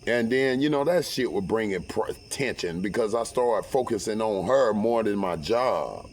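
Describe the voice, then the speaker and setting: A man's voice: on the low side, normal speed, slight background noise. Guy telling a wild story, cussing a lot, lots of "you know what i'm saying". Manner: profane, animated, with many fillers. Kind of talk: casual storytelling.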